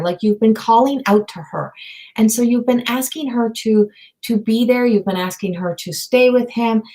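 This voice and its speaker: Female medium on a live stream, calm and hesitant, lots of restarts, now and then close to a whisper. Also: on the high side, rough recording. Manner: halting, searching, many fillers and restarts. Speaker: intuitive medium. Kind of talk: live-streamed psychic reading.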